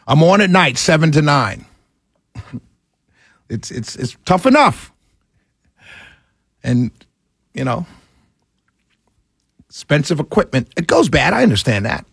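A man's voice: medium pitch, sing-song, unhurried, vocal fry, pauses often, a bit bright, husky, dry recording. A man hosting a live talk radio show, ranting in frustration, getting worked up and then talking himself back down.

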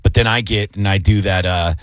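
A man's voice: fairly low pitch, fairly even intonation, fairly quick, dry recording. A man hosting a radio show, chatting casually in a laid-back, rambling way full of fillers.

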